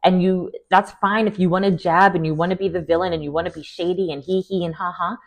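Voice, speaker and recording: A woman's voice: lowish voice, fairly even intonation, quick pace. A woman giving a casual, sassy recap of a reality show, blunt and opinionated, with fillers and laughter.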